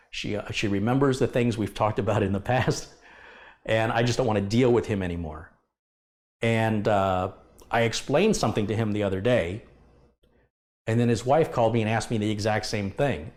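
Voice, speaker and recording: A man's voice: medium pitch, expressive, normal speed, a little mellow. A middle-aged man who runs a computer repair business, talking straight to camera and venting his frustration about a customer. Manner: frustrated, venting, acts out past exchanges. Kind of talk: candid monologue to camera.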